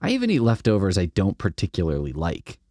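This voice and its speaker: A man's voice: sits low, wildly swooping pitch, fast talker, a little mellow, no echo, clean studio sound. A man hosting a comedy podcast, reading a script aloud and riffing with rambling, wry asides that trail off. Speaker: podcast host.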